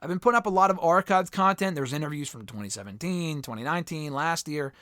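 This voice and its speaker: The host of a solo fan-question show talks fast with lively intonation in a slightly high, a bit bright voice, though he's losing it. Expect casual, opinionated rambling with restarts and an occasional swear word. The recording is dry and studio-clean.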